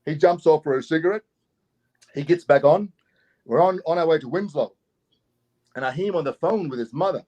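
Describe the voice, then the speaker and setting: A middle-aged Australian man spins a rambling road-trip yarn for an interview, his voice sitting a little higher than most men's. He restarts and repeats phrases as he goes and chuckles through the funny parts. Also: fast talker, muffled recording. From Doomadgee, Queensland, Australia. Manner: animated, repeats phrases, chuckles mid-story. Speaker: guest actor and festival promoter. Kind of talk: anecdotal storytelling in an interview.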